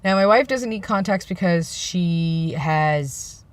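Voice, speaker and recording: A man's voice: high voice, slow, clean tone, dry recording. A man talking in a casual vlog monologue, rambling and sarcastic. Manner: rambling, self-described sarcastic joker. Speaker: vlogger.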